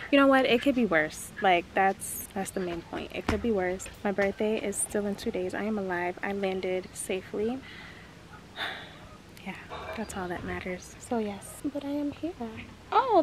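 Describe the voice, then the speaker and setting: A young woman from Jamaica talks casually to her camera, quick to laugh and fond of cooing at pets. Her voice sits a little high. The phone recording carries a clear layer of background noise. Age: 20s. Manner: chatty, laughs often, coos at pets. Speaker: vlogger. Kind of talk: casual vlog talk to camera. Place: in a car, then outdoors at a family home.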